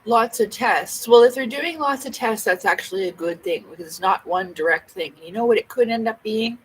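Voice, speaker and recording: A woman's voice: medium pitch, fairly quick, husky, low-quality recording. A woman chatting casually to camera at home, blunt and rambling, with plenty of swearing. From Canada. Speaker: vlogger.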